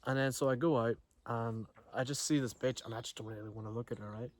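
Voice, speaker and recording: A man's voice: mid-range voice, fairly even intonation, fast talker, a little mellow. A young man telling a story to camera outdoors, in a slangy, profane, rambling way with lots of restarts. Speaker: vlogger. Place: outdoors near trees. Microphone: camera he films himself with.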